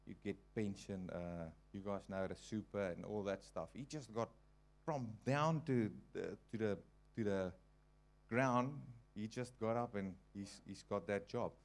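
A man preaching an informal sermon, telling a personal story in a conversational, halting way with frequent restarts. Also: lowish voice. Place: church hall.

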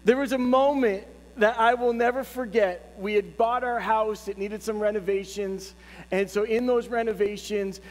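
A middle-aged male pastor preaching a sermon, telling a personal story in a lively, humorous way. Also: high-pitched, moderate pace. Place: church sanctuary. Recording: long church reverb, faint hum.

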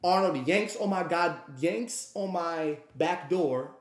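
Profane storytelling man, higher voice. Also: slow, echoey room. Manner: profane, rambling, acts out quotes. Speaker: streamer telling a story. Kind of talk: animated storytime.

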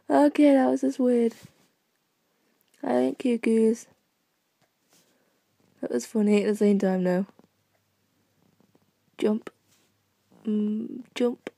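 A woman's voice: a little high, fairly even intonation, takes it slowly, gravelly, pauses often, no room sound. A young woman casually commenting on her own game play from her bed, giggling and mocking herself, sometimes dropping to a whisper. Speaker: gaming channel host.

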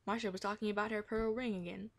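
A woman reading a children's chapter book aloud in a gentle manner, now and then correcting herself. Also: medium pitch, steady tone, quick pace. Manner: gentle, with occasional self-corrections. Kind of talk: storybook read-aloud.

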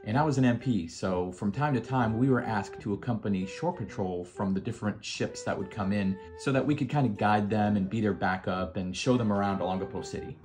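A man in his fifties with a fairly low voice spins a relaxed, conversational yarn from his service days. He tosses in dry asides straight to the listener, and soft guitar plays faintly behind him. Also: brisk, hardly any pauses. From United States. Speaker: former Marine telling stories. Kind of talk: casual anecdotal storytelling.

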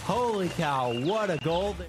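A man doing excited esports play-by-play commentary. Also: sits high, unhurried, music in the background. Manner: hyped play-by-play. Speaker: match caster.

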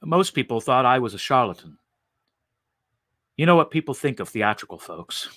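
Man doing a calm young telepath, matter-of-fact, bright forceful tone, dry. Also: medium pitch, moderate pace, no room sound.

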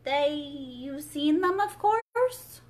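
A woman voicing the Mock Turtle in a storybook read-aloud, drawn-out and easily offended. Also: sits high, lively intonation, pitched above the performer's own voice, exaggerated voice. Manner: slow, drawn-out, touchy.

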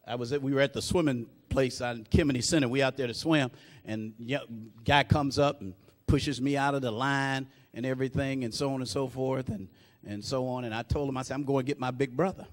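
A man preaching a sermon, often breaking in with "praise God", getting louder and slower on key lines and dropping low and soft for asides. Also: steady tone, in a large hall. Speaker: pastor.

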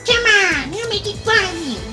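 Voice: very high voice, animated, moderate pace. A performer voicing a touchy, whiny male mushroom creature in a plush puppet comedy sketch, over background music. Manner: defensive, whiny.

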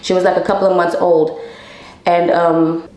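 A woman's voice: on the low side, level tone, moderate pace, a little mellow, echoey room, poor audio. A young woman telling a personal story to her viewers in a candid, emotional way, swearing freely and calling them y'all. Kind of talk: casual storytime.

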